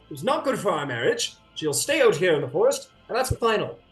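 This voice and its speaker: A man's voice: high-pitched, sing-song, unhurried, fairly bright tone, echoey room, soft background music, voice pushed up, exaggerated voice. A man voicing a jealous, boastful fey husband who warns others off his wife. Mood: blustering. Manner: boastful, blustering.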